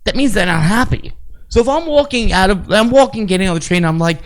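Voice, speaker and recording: Chatting casually as a podcast co-host, a man tells meandering, animated stories full of profanity. He speaks briskly in a high-sitting voice.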